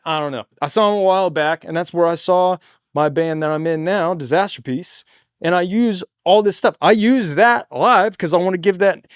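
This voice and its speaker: A young man who sings in a band gives a casual, energetic lesson on stage moves, swearing freely and often tagging "right?" and "dude". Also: high-pitched, no echo, clean studio sound. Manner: energetic, demonstrates moves, bursts into shouted song lines. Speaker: singer giving stage tips.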